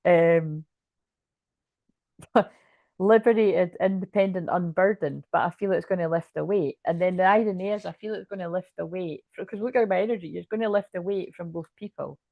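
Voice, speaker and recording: A woman loosely rambles through a tarot spread in a casual reading, frequently restarting sentences and swearing. Her voice is slightly low for a woman, gravelly, at normal speed, and the audio is dry with no room echo, narrow and tinny.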